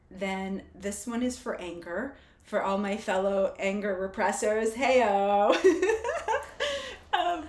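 A woman's voice: medium pitch, reverberant. A woman talking candidly and reflectively in casual conversation, laughing easily as she shares personal coping tools.

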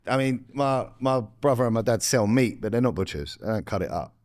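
A man co-hosting a podcast, talking in laid-back, sweary casual banter with quick laughs. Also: medium pitch, animated, a little mellow. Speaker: podcast co-host.

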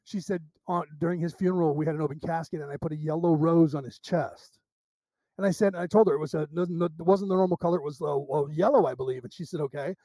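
A man's voice: fairly high pitch, quick pace, no echo. A middle-aged man being interviewed as a psychic medium, telling stories and acting out the dialogue, often restarting his sentences. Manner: animated storyteller acting out quoted dialogue, with restarts. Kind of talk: casual interview storytelling.

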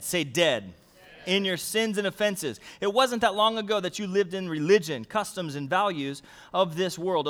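Male pastor, high voice, lively and playful, mid-sermon, calls for responses. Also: big-room sound.

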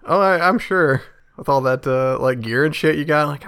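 American man, podcast co-host, animated and swinging in pitch, jokey, swears a lot. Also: a little slow, clear, resonant tone. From United States. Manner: animated, profane, joking. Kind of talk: casual chat.

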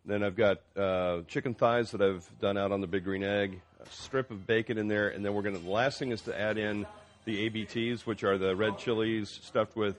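A man, a chef co-hosting a radio cooking show, calmly explaining how he builds a sandwich. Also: lowish voice, normal speed. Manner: laid-back, explains cooking steps with fillers. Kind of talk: casual radio banter.

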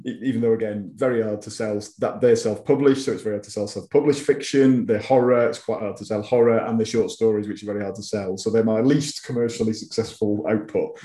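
Wigan-accented male author for a relaxed interview; mellow, chatty, self-mocking, recorded in an echoey room. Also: lowish voice, fast talker, hardly any pauses. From Wigan, England. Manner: chatty, self-deprecating, frequent stammered restarts. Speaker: author guest. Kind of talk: casual interview chat.

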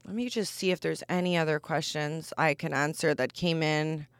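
A woman's voice: low-pitched, fairly even intonation, moderate pace, clear, resonant tone, no echo. A woman in her twenties hosting a casual solo podcast, talking candidly and bluntly with lots of "like" fillers. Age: 20s. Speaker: podcast host.

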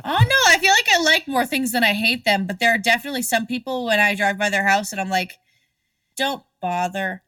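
Bright-voiced joking woman podcast co-host. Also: on the high side, lively intonation, fast, hardly any pauses, dry recording, recorded from a distance. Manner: joking, blunt, swears freely. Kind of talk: casual chat.

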